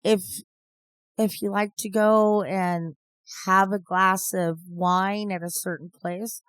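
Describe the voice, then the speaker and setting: A woman in her fifties co-hosts a podcast, talking at an unhurried pace with a mid-range voice. She wanders from story to story, laughing easily. The sound is close and dry. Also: mid-range voice, steady tone, fairly bright tone, no room sound. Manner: rambling, storytelling, laughs often. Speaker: podcast co-host. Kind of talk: casual chat.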